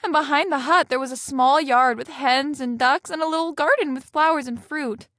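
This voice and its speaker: A woman with a high, light voice reads a fairy tale aloud in a gentle storybook manner. The sound is close and dry, with no room around it. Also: normal speed, no echo.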